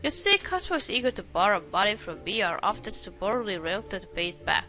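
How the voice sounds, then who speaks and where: A woman's voice: medium pitch, big pitch swings, fast talker, bright, forceful tone, soft background music. A woman voicing a grasping, self-pitying male pawnbroker in a detective game, reading his lines aloud. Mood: indignant. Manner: read aloud from on-screen text.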